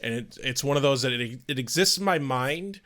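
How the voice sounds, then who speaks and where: A man in a mid-pitched voice co-hosting a podcast review. He talks casually and chattily, dropping joking asides as he goes. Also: lively intonation, fairly quick, pushed and bright. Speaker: podcast co-host. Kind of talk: casual chat, episode review.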